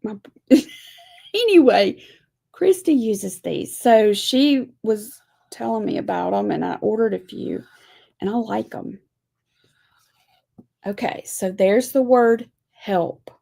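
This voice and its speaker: Woman, lettering teacher, chatty and folksy, unhurried, warm mellow tone. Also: medium pitch, expressive, creaky. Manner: chatty, folksy, says y'all. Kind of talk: live-streamed craft lesson.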